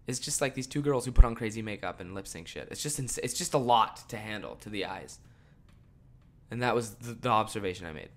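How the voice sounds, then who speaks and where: A young man hosting a podcast, ranting casually and swearing a lot, swinging from mumbled asides to loud exasperated outbursts. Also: on the low side, lively intonation, fairly quick. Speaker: podcast host.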